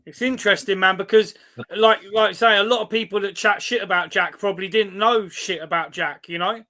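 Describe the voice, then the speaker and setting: A man's voice: high voice, fairly even intonation, fairly quick, pushed and bright. A man hosting a podcast interview, chatting casually, agreeable, and swearing freely. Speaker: podcast host.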